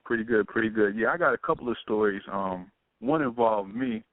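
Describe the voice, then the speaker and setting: A man calling in to a talk radio show in a relaxed, friendly way. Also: fairly low pitch, brisk, dry recording, phone-quality sound. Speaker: caller. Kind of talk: call-in radio.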